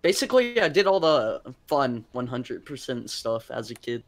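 A man's voice: mid-range voice, very animated, normal speed. A man in casual gaming chat, offhand and wisecracking, speaking into a headset mic. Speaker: speedrunner.

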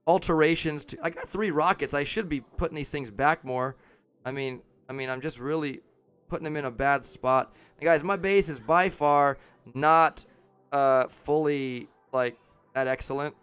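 Livestreaming from a home setup with a green screen, a man chats casually about his game, talking to viewers and chuckling often. His medium-pitched voice is smooth with a fairly bright tone.

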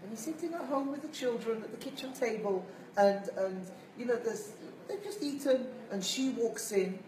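A man giving an animated sermon-style lecture as a rabbi, telling stories and acting out voices. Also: very high voice, moderate pace. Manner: animated storyteller, acts out voices. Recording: roomy, distant mic, faint hiss.

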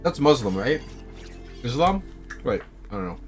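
A man streaming gameplay live, chatting with viewers in an animated, incredulous voice. His pitch swings widely as he thinks aloud, with faint music behind him. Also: measured pace. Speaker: gaming streamer. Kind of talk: live gameplay commentary and chat reading.

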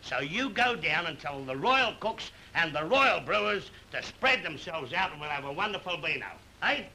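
An actor playing an excitable working-class man made king, chatty and bossy, full of slang, in a 1930s film comedy. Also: fairly high pitch, moderate pace, slight background noise, heavily acted, rough recording. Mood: cheery.

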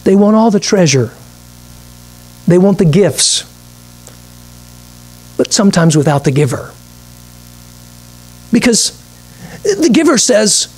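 A pastor preaches a midweek sermon. His voice sits a bit high for a man. He reads scripture aloud and slips into acted asides, with a low mains hum under it all. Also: very animated, slow pace, pauses often, darkish tone, breathy edge.

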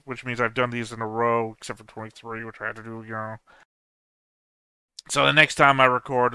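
Male reaction host, clear smooth voice, casual musing delivery. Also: medium pitch, pushed and bright, no echo. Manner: thinking aloud, puzzling over theories. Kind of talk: casual solo reaction commentary.

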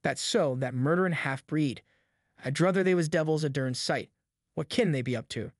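A man reads a scared, superstitious boy from the backwoods in an audiobook, talking in rough country dialect in a slightly high voice. The sound is dry and close. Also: normal speed, no echo. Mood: frightened hush.

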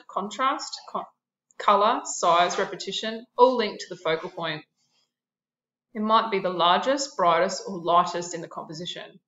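A woman's voice: lowish voice, a bit bright, echoey room, lo-fi sound, a little hiss or hum. A woman art teacher narrating a classroom lesson, explaining terms and listing examples with a few fillers.

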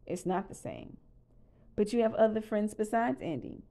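A woman's voice: mid-range voice, big pitch swings, moderate pace, dark tone, voice pushed up. A woman reading aloud, voicing an upbeat male space ranger toy who encourages his friends. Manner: cheery and encouraging.

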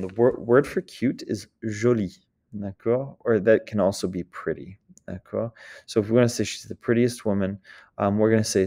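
A man teaching a French grammar lesson in a casual way, often checking in with "d'accord?" and slowly modeling the words. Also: fairly low pitch, darkish tone.

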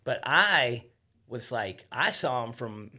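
Bright-voiced man telling loose stories. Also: medium pitch, lively intonation, slow pace. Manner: loose storyteller, swears freely, acts out quotes. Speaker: guest. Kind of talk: casual podcast chat. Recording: podcast studio.

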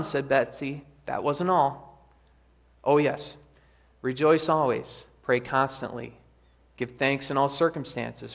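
Male pastor, mid-pitched, earnest sermon delivery, reads story passages aloud with feeling. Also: creaky. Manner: earnest, reads quoted lines with lively emphasis. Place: church sanctuary.

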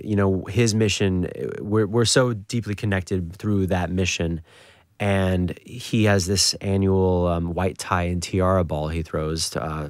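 A man, a singer and actor, talking casually as a radio guest, relaxed and chatty, often restarting his sentences. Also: sits low, no echo, clean studio sound.

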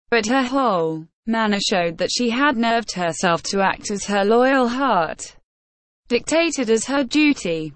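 A woman narrating a classic novel audiobook in a measured, unhurried reading. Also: medium pitch, no room sound. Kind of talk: scripted narration.

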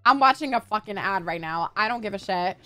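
A young woman gaming YouTuber giving casual let's-play commentary, excitable, profane and prone to dramatic outbursts. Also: mid-range voice, a little fast, loud music behind the voice.

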